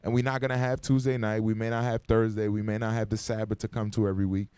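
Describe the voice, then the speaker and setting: A man's voice: on the low side, flat delivery, quick pace, darkish tone, clean tone, dry recording. A man teaching an informal Bible class in a room full of people. He talks to them casually and with urgency, and he keeps asking for their responses. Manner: conversational and urgent, calling for responses. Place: classroom gathering. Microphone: microphone.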